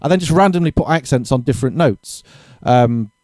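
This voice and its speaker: A man's voice: mid-range voice, expressive, fairly quick, a little mellow, dry recording. A man giving a casual drum lesson, thinking aloud and correcting himself as he explains exercises. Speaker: drum teacher.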